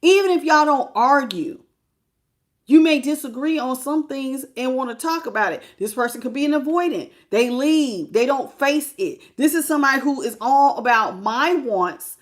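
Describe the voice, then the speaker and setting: Blunt high-voiced woman reading tarot. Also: lively intonation, moderate pace. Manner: blunt, storytelling, colloquial, addresses viewers as y'all. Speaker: tarot reader. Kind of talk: casual tarot reading commentary.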